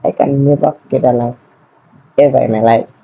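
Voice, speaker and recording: A young woman, telling a personal story to camera in a casual, animated way, repeating words for emphasis. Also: a bass voice, fairly quick, gravelly, breathy edge, narrow, tinny audio. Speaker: vlogger. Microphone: phone.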